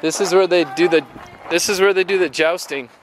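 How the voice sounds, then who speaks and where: A man's voice: sits high, a little fast, slight background noise, rough recording. A man, a family vlogger and dad, chatting playfully to the animals as he films outdoors on a farm with a handheld camera. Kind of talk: casual vlog narration. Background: music.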